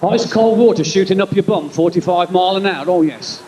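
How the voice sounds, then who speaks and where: A man in his forties with a Birmingham accent doing live stand-up at an outdoor concert. He chats and rambles to the audience, with quick punchlines. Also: high voice, dark tone, a little hiss or hum, low-quality recording. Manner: chatty, rambling asides to the crowd, quick punchlines. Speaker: stand-up comedian and concert compere. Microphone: stage microphone over a PA.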